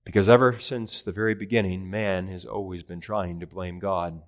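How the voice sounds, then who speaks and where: Earnest male preacher, emphatic questions. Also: steady tone. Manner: earnest preaching, rising in pitch and volume for emphasis; rhetorical questions, slow emphatic phrasing. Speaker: pastor. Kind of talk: catechism sermon.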